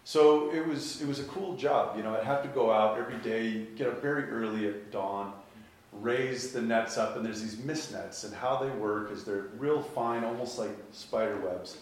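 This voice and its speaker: A man telling a personal story in a lively way, often laughing at his own tale. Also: on the low side, moderate pace, slight background noise. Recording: echoey room from far off.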